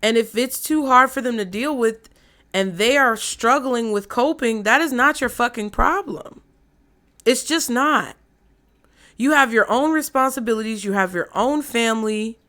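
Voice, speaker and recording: A woman's voice: fairly high pitch, unhurried, pushed and bright. Blunt woman giving a tarot reading. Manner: blunt, frank, swears freely. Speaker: tarot reader.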